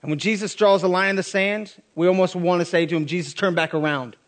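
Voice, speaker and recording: Pastor, male, very high voice, chatty sermon with wry asides. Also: fairly even intonation, fast. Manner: casual, joking asides.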